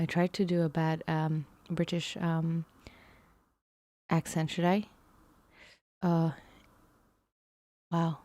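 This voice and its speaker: A woman's voice: fairly low pitch, dark tone, dry recording. A woman live-streaming herself working through math lessons, musing aloud in a hesitant way and sometimes dropping to a whisper.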